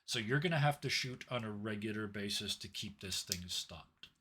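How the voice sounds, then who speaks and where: A man's voice: lowish voice, lively intonation, moderate pace, bright, forceful tone, slight background noise. A young adult man narrating a tabletop game as game master, storytelling with added sound effects.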